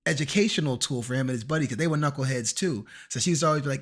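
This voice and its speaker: A man streaming a game, chatting casually and acting out the people in his stories in an animated way. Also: fairly high pitch, very fast, few pauses. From Washington, DC area. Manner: animated, acts out quoted people. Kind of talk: casual storytelling while gaming.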